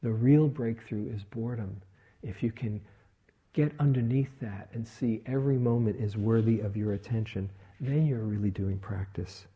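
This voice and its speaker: A middle-aged man giving a relaxed dharma talk as a meditation teacher, telling stories and acting out the people in them. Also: fairly low pitch, normal speed, phone-quality sound. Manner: relaxed storytelling with quoted voices. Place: retreat hall.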